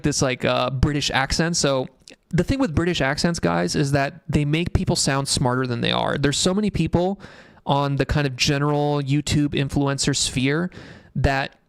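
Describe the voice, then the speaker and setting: Young male streamer, casual and profane, slightly high voice, dry close mic. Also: smooth, no echo. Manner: rambling, blunt and profane, reads chat aloud. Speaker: livestream host. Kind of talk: casual tech livestream commentary.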